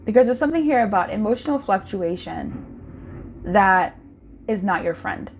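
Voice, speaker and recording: A woman's voice: medium pitch, expressive, moderate pace, slight background noise. Chatty, crooning woman tarot reader. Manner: chatty and intimate, with sing-song crooning calls. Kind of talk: casual pick-a-card tarot reading.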